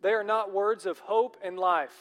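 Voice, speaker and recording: An earnest male pastor preaches, his somewhat high voice ringing with the long reverb of a large church hall. He encourages his listeners and keeps turning to them with questions. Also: steady tone, moderate pace, fairly bright tone, soft background music. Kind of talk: sermon.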